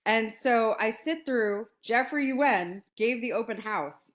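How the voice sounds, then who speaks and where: A woman in her forties, a podcast guest telling a story in a lively, casual way and acting out quotes. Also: on the high side, slow. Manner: animated, laughs often, acts out quotes.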